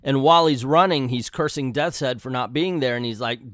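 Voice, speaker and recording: A man recaps a comic in an offhand, conversational way, with plenty of filler words. His pitch sits in the middle range. The sound is dry and close to the mic. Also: a little fast, a bit bright, no room sound. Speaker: comic book video host.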